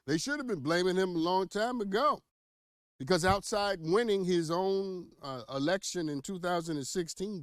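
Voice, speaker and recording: A man hosting an opinionated news commentary show, teasing and animated, full of rhetorical questions and playful asides. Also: sits high, no room sound, studio quality.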